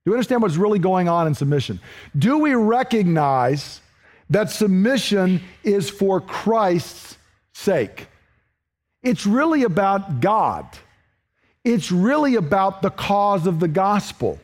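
High-voiced earnest preacher man. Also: big pitch swings, slow pace. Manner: earnest, questioning, swings from emphatic to hushed. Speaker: pastor. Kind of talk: sermon.

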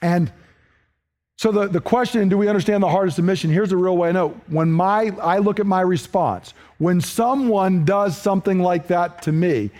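A man preaching a sermon, earnest and questioning, moving between emphatic points and hushed, slowed lines. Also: high-pitched. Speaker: pastor.

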